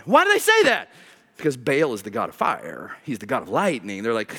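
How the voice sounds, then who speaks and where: A man preaching a sermon, animated and joking, swinging between loud emphatic peaks and low quiet asides. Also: brisk. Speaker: pastor.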